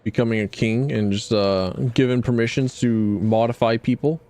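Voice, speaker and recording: A man's voice: medium pitch, steady tone, moderate pace, warm tone. A man streaming a game, reading its text aloud and rambling through self-deprecating asides.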